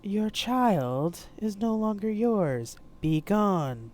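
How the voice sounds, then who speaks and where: A woman reading aloud, voicing a mysterious cloaked woman who speaks in a measured, stern way. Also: mid-range voice, sing-song, darkish tone, a little hiss or hum, voice pushed up.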